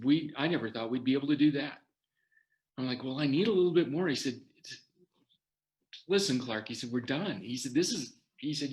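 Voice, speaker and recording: An older man telling his own story in a talk, quoting others' words as he goes. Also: medium pitch. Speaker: guest sharing his story.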